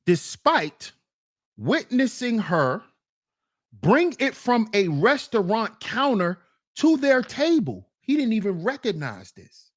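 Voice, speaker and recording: A woman hosting a reaction commentary channel, scolding and mocking her viewers and repeating lines for emphasis. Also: medium pitch. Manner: slips into mock voices of the men she criticizes.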